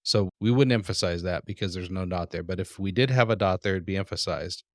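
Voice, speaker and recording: A man teaching a language lesson, patiently pronouncing vocabulary words and repeating each one slowly. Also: low-pitched, dry recording, clean studio sound. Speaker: Hebrew teacher. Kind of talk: classroom lesson.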